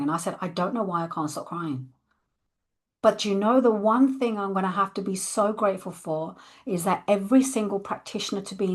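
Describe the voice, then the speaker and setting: Candid woman telling her story. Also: medium pitch. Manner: candid and expressive, acting out her past thoughts. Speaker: coach. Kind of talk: personal storytelling monologue.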